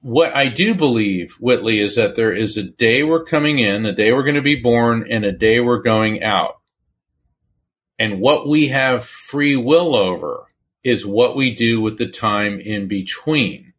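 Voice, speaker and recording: A man's voice: mid-range voice, measured pace. A middle-aged man, a medium and former attorney, telling stories as an interview guest and acting out the voices of the people he quotes. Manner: animated storyteller who acts out quoted voices. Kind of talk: conversational interview storytelling.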